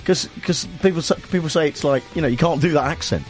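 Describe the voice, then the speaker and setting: A man hosts a talk radio show in a sardonic, rambling way. His voice sits a little high for a man. A music bed plays faintly under him. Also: fast talker. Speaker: radio host. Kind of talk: comic radio show opening.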